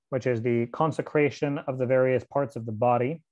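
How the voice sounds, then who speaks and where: A man reading a translated scripture aloud in a measured way, pausing now and then to explain terms, with occasional fillers. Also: mid-range voice, fairly even intonation, a little mellow, dull audio. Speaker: reader and teacher of scripture.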